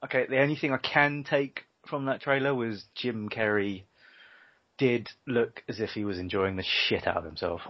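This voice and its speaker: A man's voice: mid-range voice, normal speed, dry recording. A man co-hosting a casual podcast, sarcastic and sweary, often breaking into laughter. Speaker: podcast co-host. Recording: dull lo-fi dry recording.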